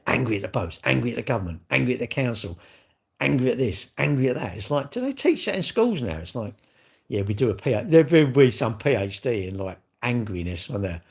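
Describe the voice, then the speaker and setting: A man's voice: mid-range voice, big pitch swings, fairly quick, vocal fry, slightly rough. An older man, chatting casually with viewers on a livestream, blunt and joking, swearing freely. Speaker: livestream host.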